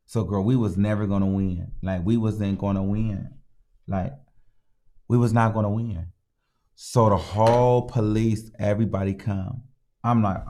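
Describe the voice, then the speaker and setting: A man's voice: fairly low pitch, takes it slowly, pauses often, darkish tone. A man hosting his channel and recapping a movie in a slangy, dramatic way, repeating lines for emphasis and acting out sound effects. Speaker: movie reviewer and channel host.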